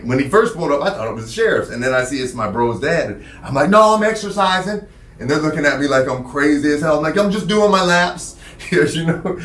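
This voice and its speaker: A man's voice: mid-range voice, reverberant. Profane man telling a wild story. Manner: animated, profane, vivid storytelling. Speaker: podcast guest telling his story. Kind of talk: casual storytelling.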